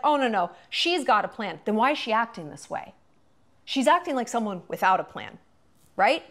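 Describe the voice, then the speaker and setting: A woman's voice: on the high side, a bit bright. A woman host in her thirties giving a chatty, profane commentary monologue full of fillers.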